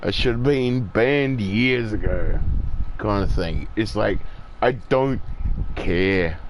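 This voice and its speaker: A man's voice: lowish voice, slow, a little hiss or hum. A middle-aged man in a rambling, profane monologue, getting worked up as he rants.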